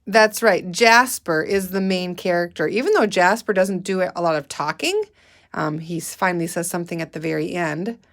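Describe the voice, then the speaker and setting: Her voice fairly low yet a bit bright, a woman teacher conducts a guided reading lesson for young children, patiently and deliberately having the class say and spell words.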